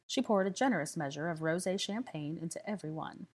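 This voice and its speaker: Woman reading a story out loud, low pitched, calm steady narration. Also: fast talker. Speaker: audiobook reader. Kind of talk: scripted narration.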